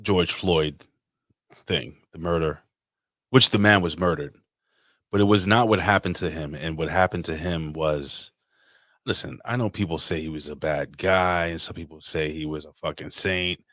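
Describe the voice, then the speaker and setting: A man from New York City with a very low, deep voice, ranting in casual podcast talk and swearing every few words. He works himself up as he goes, and his voice sounds dry and close. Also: moderate pace, a bit bright, no room sound. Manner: profane ranting. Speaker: podcast co-host. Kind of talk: casual chat.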